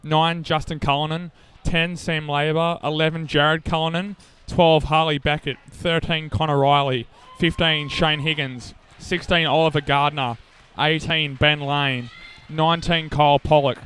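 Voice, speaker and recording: A man's voice: a little high, steady tone, fairly bright tone, a little hiss or hum. A man with an Australian accent, co-commentating a local football final and reading out team lists. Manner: enthusiastic, reads team lists briskly. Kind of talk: live sports commentary.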